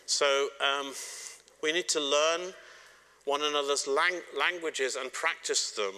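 A man's voice: fairly high pitch, takes it slowly, smooth. A middle-aged man gives a sermon on marriage, speaking straight to the congregation and joking now and then. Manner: warm, joking, direct address to the congregation. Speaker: preacher.

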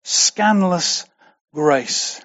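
A man preaching a sermon, emphatic and slow, repeating key words for weight. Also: high voice, expressive, a bit bright. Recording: dull lo-fi recording.

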